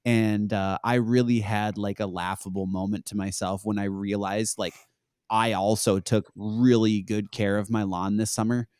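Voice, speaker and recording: A man's voice: lowish voice, little pitch movement, moderate pace, a little mellow, clear, resonant tone, dry recording, clean studio sound. A young man, a podcast guest, chatting casually and telling stories in a laid-back way, laughing often. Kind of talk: casual chat.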